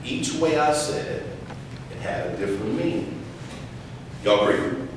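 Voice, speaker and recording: A man's voice: medium pitch, animated, unhurried. A man gives a motivational talk to students. He repeats his key phrases and leads the room in call-and-response. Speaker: speaker teaching young people. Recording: echoey hall from far off, faint hiss.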